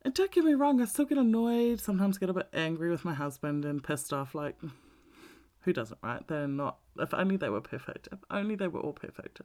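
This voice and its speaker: A middle-aged woman with a lowish voice delivers a casual monologue, talking bluntly, swearing freely, and adding animated emphasis.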